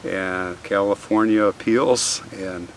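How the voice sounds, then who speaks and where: A man with a fairly low voice tells a true crime story casually and with energy, acting out the people in it as he goes. He sits a little back from the mic, and a faint hum of traffic runs under him outdoors. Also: takes it slowly, distant mic. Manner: animated, conversational, acts out quotes.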